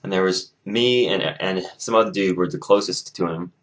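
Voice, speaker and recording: A young man vlogging casually, retelling a story and chatting in a rambling, animated way with frequent restarts. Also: deep voice, normal speed.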